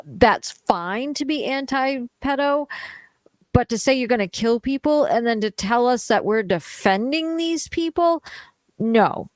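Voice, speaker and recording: A woman's voice: a little high, lively intonation, measured pace, no room sound. A woman co-hosting a live stream, ranting with indignant, profane emphasis. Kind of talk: angry live stream rant.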